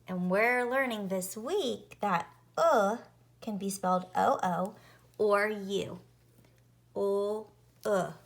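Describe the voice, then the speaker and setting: A woman teaching a phonics lesson to young children, sounding out each letter slowly and clearly. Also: mid-range voice, slight background noise.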